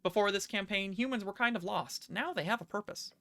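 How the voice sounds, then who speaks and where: A man's voice: sits high, a little fast, vocal fry, pushed and bright, pitched above the performer's own voice, full character voice. A man reading game dialogue aloud as a scheming, imperious male city magistrate who lectures and presses.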